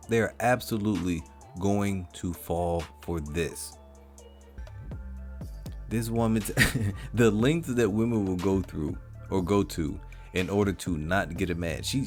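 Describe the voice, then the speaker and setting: Man, low voice, mocking reaction commentary, faint music behind. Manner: mocking, emphatic, repeats himself. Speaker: commentary host.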